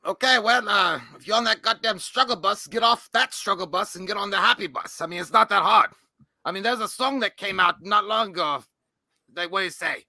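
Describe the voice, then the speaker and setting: A man co-hosting a livestream, giving a loud, profane mock pep talk in casual chat. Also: high-pitched, brisk, no echo. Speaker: livestream co-host.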